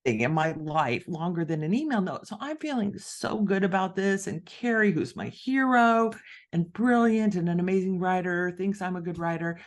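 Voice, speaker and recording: Speaking at a moderate pace in a voice on the low side, a middle-aged woman shares a story during a podcast conversation. She's an author and guest, and she brings the tale to life by animatedly performing the quoted voices.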